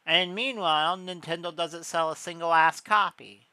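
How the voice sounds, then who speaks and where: A woman's voice: lowish voice, moderate pace, sharp tone, no room sound. A woman streamer giving a rambling, sarcastic reaction commentary on gaming news, often exasperated.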